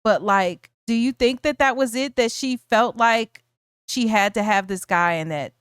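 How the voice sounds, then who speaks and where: A woman's voice: on the high side, a little slow, clean tone, no echo, clean studio sound. A woman co-hosting a casual film discussion, thoughtful and laughing easily, often restarting her sentences. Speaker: podcast co-host.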